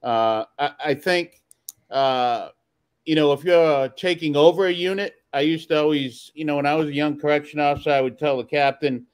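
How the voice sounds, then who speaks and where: A man with a Texan accent, a former correction officer, speaking in a measured, reflective way on a panel. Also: on the high side, clean tone. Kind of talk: casual panel talk.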